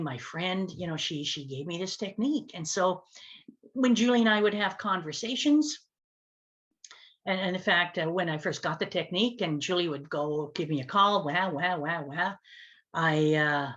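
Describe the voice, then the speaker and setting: A woman telling a personal story as a speaker and communication coach, animated and lively, with big swings in her voice. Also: mid-range voice, muffled recording. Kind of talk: storytelling talk to camera.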